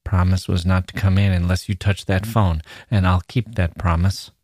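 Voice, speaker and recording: A man's voice: sits low, steady tone, moderate pace, darkish tone, no room sound, clean studio sound. A man reading aloud voices a menacing young man who talks in an insistent, slangy, wheedling way. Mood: coaxing. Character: menacing young man, smooth-talking predator.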